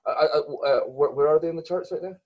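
A man's voice: fairly high pitch, fast, highs cut off, a little hiss or hum. A young Scottish man co-hosting a casual podcast chat, talking hesitantly with many fillers and restarts. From Scotland. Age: young adult. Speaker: podcast co-host.

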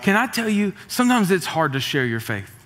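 High-voiced, energetic pastor in a hall. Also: male voice, brisk. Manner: energetic, joking, rising to shouts. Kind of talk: sermon. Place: church auditorium. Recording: reverberant church hall.

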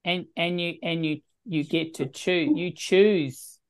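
Low-voiced woman asking earnest questions. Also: steady tone, takes it slowly. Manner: earnest, repeats herself for emphasis. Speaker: coaching group member. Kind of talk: probing coaching questions. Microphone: video call.

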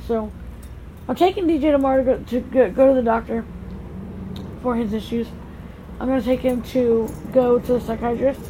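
A woman's voice: a little high, mellow, a little hiss or hum, rough recording. A mother talking casually to camera in a rambling daily vlog, moving between her car and her home. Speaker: vlogger, mother.

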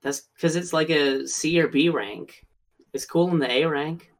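A man in casual chat, answering calmly with brief remarks. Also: a little high, measured pace. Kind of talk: casual chat about a video game.

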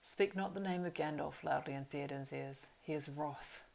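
Brief: proud young male horse-lord, as a woman reads him; earnest, urgent; low, gravelly voice. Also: normal speed, darkish tone, rough recording. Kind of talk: audiobook reading.

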